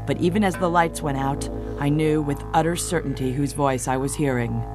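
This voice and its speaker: Deep-voiced woman narrating a story. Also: normal speed, loud music behind the voice. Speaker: story reader. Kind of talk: dramatic story reading.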